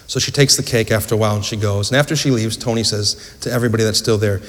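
A man's voice: fairly low pitch, fairly even intonation, very fast. A man preaching a sermon in a church, earnest storytelling with rhetorical questions. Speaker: pastor. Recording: echoey church hall.

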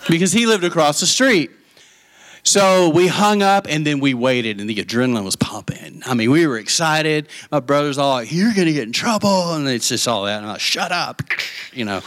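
Folksy preacher telling a story. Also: male voice, mid-range voice. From Texas. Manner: folksy, chatty, asks the audience questions. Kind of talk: sermon storytelling.

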